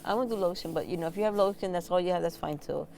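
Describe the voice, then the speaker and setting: A woman's voice: lowish voice, very fast, vocal fry, warm tone, slight background noise. A woman who hosts the show and works as a massage therapist, giving casual spiritual advice in a blunt, encouraging way and swearing now and then. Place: indoors, on a squeaky chair.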